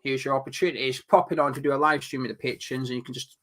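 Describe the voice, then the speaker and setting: A man co-hosting a casual football chat, jokey and brisk, plugging the channel between bits. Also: medium pitch, fairly even intonation, a bit bright. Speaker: co-host.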